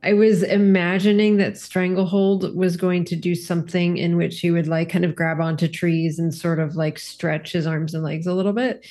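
A woman's voice: lowish voice, level tone, moderate pace, hardly any pauses, mellow. A woman playing in a tabletop game, rambling through her plans with frequent giggles. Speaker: player.

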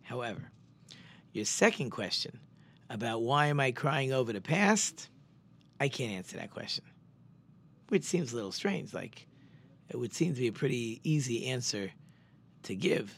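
A man retells a religious story as an informal Torah lesson. He rambles and stops to correct himself. He slows right down to press on the words that matter. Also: medium pitch, sing-song, fairly bright tone. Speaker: religious teacher.

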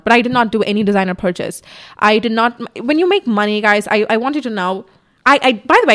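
A woman's voice: mid-range voice, fairly bright tone. A young woman vlogger speaks straight into her tripod camera in a loose, candid sit-down chat. Her voice sits in the middle range, and she talks freely, with casual swearing. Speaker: YouTuber. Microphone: camera on tripod in front of her.

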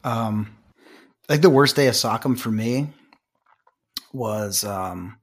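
A man's voice: fairly low pitch, takes it slowly. A young man, a former army medic, casually telling stories on a podcast and laughing at his own punchlines. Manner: laid-back anecdotes, laughs at own punchlines. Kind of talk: casual storytelling.

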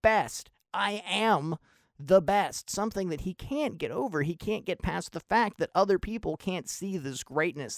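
Gravelly, intense man analyzing a film. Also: medium pitch, no echo, clean studio sound. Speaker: film commentator. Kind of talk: video essay monologue.

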